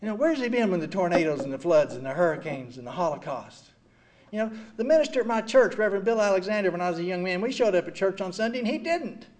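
Animated older man, high lively voice. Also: fast talker. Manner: animated, self-mocking, heavy on "you know". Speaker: recovery meeting speaker. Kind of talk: personal testimony talk.

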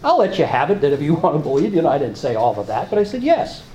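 A man telling his recovery story at a meeting, halting and repeating himself, with emotional swings. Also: on the high side, very animated, warm tone, slight background noise. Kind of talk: personal testimony talk. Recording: echoey room, faint ambience.

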